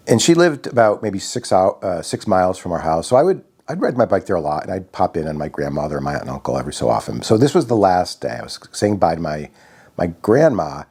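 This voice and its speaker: A man from Connecticut telling a personal story in a reflective, halting way, often restarting his sentences. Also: deep voice, a little mellow, breathy edge. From Connecticut, USA.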